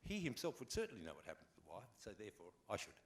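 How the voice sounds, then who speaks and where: Lively older Australian man, low voice. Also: racing, a little hiss or hum. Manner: animated, wry, acts out anecdotes. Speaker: actor guest on a convention panel. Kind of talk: relaxed anecdotal storytelling.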